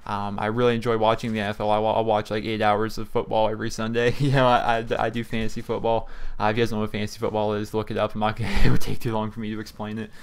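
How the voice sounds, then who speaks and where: A man's voice: fairly low pitch, completely flat delivery, rapid-fire, hardly any pauses, smooth. A young man from Pennsylvania, a gaming YouTuber, chatting loosely over gameplay from a small room at home, with lots of fillers and restarts. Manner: rambling, chatty, frequent fillers. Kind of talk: casual commentary over gameplay.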